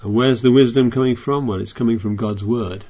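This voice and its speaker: A man's voice: medium pitch, steady tone, brisk, warm tone. Man preaching on a dull recording. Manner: reads scripture aloud then explains it conversationally, with frequent restarts. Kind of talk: sermon.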